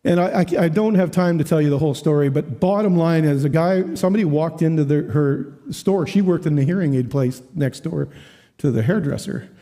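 A man preaching as a guest speaker at a church, telling a story with lively quoted voices and frequent laughs. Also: on the high side, a little fast. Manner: animated, acts out quoted voices, laughs often. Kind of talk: storytelling sermon.

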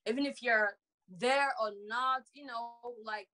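A woman's voice: a little high, unhurried, pushed and bright, low-quality recording. A young woman from Sierra Leone answering audition interview questions hesitantly, with many fillers. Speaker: reality show applicant.

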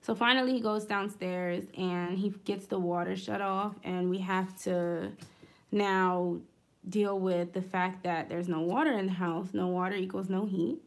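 While she decorates a planner, a woman vlogs in a steady, mid-range voice at a measured pace. She tells a casual story, rambling with fillers and small asides as she crafts.

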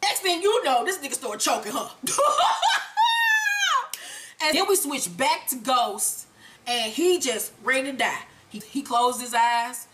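A woman hosting a casual TV episode recap, telling the story with profanity and acting out the characters' lines in an animated way. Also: high-pitched, normal speed. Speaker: show recap host.

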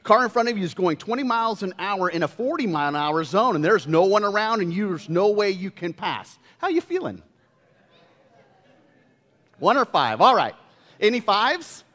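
Lively pastor in an echoing church. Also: male voice, high voice, brisk. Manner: lively, playful, engages the congregation with questions. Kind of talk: sermon. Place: church sanctuary. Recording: long reverb of a church hall.

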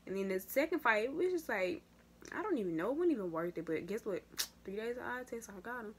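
A young woman vlogger telling a casual story to her viewers, slangy and animated, with big jumps in pitch and loudness. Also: fast, a little hiss or hum. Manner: addresses viewers as y'all. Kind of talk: casual story time vlog.

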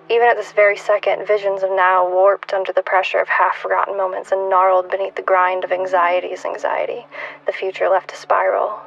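Twenties woman reading her own story, low-key and hushed, flat with a gravelly creak. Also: lo-fi sound, a little hiss or hum. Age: 20s. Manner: measured, hushed, dropping to whispers. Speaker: author.

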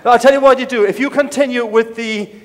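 A man's voice: very high-pitched, fairly even intonation, fairly quick. A middle-aged man with an Irish accent giving a comic keynote speech, a playful storyteller full of jokey asides. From Ireland. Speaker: keynote speaker. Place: large conference hall. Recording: long reverb of a large hall.

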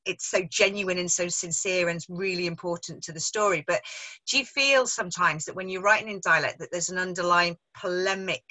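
A woman's voice: lowish voice, bright, forceful tone, rough recording. A woman interviewing a fellow author, speaking eagerly with many fillers and restarts over a video call.

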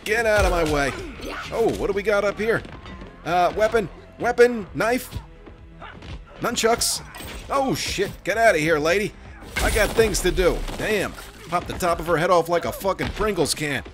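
A man's voice: sits high, expressive, moderate pace. Profane, joking male game commentator. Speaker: gaming commentator. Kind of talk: let's play commentary. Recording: music playing behind.

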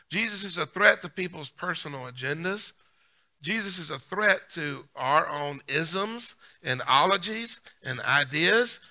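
A man pastor preaching a sermon, emphatic, repeating key lines and swinging between loud punches and soft asides. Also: a little high.

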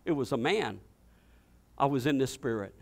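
A man's voice: mid-range voice, animated, moderate pace, creaky. A male pastor preaching a fervent storytelling sermon, often repeating and restarting his words.

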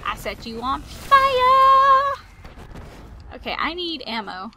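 A woman host giving playful, excitable let's-play commentary, taunting enemies and making silly sound effects as she plays. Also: on the high side, a little fast, very noisy. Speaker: gaming channel host.

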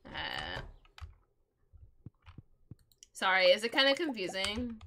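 A woman's voice: medium pitch, wildly swooping pitch, normal speed, sharp tone, slight background noise. A young woman streaming a game, chatting to viewers in a giggly, rambling way and telling stories. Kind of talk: casual live-stream chat while gaming.

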